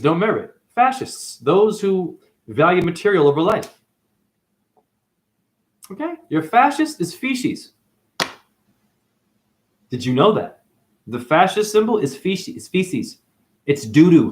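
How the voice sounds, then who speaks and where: His voice is high and a little slow, broken by long pauses. As a video monologue host, he delivers an animated, profane, meandering spiritual talk, calling everyone watching "honey."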